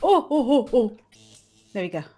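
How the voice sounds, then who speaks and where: A woman playing a video game with a partner, excitable and bossy, shrieking and calling out commands. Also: fairly high pitch, moderate pace, soft background music. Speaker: gaming co-host. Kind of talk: casual game commentary.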